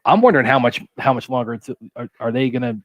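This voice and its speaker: A man co-hosting a live stream remotely, talking in halting bursts and repeating words as he thinks. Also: mid-range voice, animated, fairly bright tone, lo-fi sound. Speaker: co-host. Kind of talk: casual live-stream chat.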